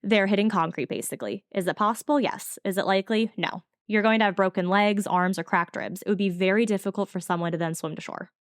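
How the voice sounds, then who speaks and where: In clean, echo-free studio audio, a medium-pitched woman recounts a true-crime case as a podcast co-host. She works from notes and tells it in a quick, breezy, talkative fashion.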